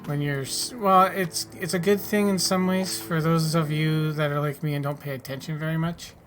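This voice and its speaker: Wry, mumbling gaming commentator. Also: male voice, fairly high pitch, fairly even intonation, moderate pace, fairly bright tone, soft background music. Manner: wry, offhand, mutters asides. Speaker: gaming YouTuber. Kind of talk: casual let's-play commentary.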